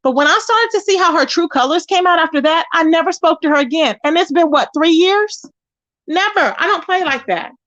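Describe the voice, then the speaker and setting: Sassy high-voiced woman with lively pitch. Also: brisk, highs cut off. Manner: sassy, emphatic, addresses viewers as y'all. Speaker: YouTube commentary host. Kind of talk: casual drama commentary chat.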